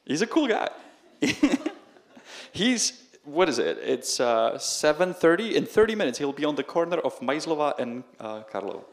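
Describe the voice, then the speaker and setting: Young Czech man telling animated stories. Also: a little high, moderate pace. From Czech Republic. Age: young adult. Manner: animated, laughs often, acts out quoted voices. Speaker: guest, video creator. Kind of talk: casual storytelling conversation.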